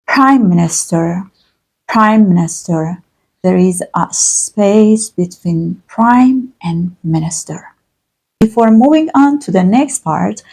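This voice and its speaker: A woman teaching an online English grammar lesson, speaking slowly and deliberately and repeating each example. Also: mid-range voice, gravelly, dark tone, slightly rough.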